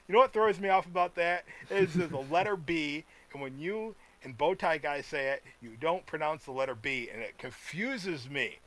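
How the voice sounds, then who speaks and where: An American podcast co-host from the United States laughs frequently while chatting casually and rambling. His voice is on the high side and fairly bright, at normal speed. It's a rough recording.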